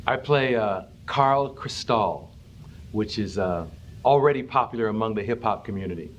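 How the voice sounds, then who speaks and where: A man's voice: fairly low pitch, expressive, normal speed, highs cut off, slight background noise. A man from Cleveland giving wry, joking interview answers. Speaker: voice actor interviewee.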